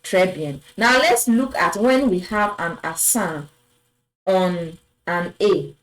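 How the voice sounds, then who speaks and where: A woman teaching French pronunciation, patiently repeating each word and affirming with a soft "yes". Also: mid-range voice, expressive, takes it slowly, poor audio. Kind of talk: slow explanatory lesson.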